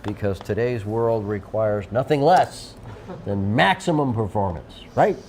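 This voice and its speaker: A man's voice: lowish voice, unhurried, darkish tone, a little hiss or hum. A man hosting a local TV talk show, joking and rambling with frequent restarts. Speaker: TV show host. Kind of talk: casual studio banter.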